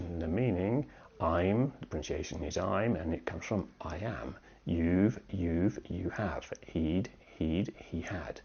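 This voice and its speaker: Slow gravelly male English teacher. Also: deep voice, warm tone. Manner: slow, checks in with "yes?" often. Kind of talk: online grammar lesson. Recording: dull lo-fi sound.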